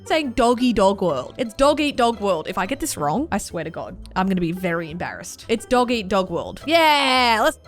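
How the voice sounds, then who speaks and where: A young Australian woman chatting casually in a reaction vlog, self-mocking, her pitch jumping up often. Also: very animated, a little fast, few pauses, soft background music. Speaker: YouTuber.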